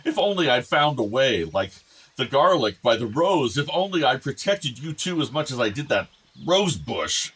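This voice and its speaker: An actor playing an ailing older father in a radio drama, soft-spoken, tender and apologetic. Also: medium pitch, sing-song, normal speed, husky. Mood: remorseful.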